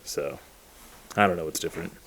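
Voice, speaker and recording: A man with a somewhat low voice chats on a podcast in a loose, rambling way, swearing freely. He sounds relaxed and offhand. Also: fairly quick, gravelly, heavy background noise. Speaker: podcast co-host. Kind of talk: casual podcast chat.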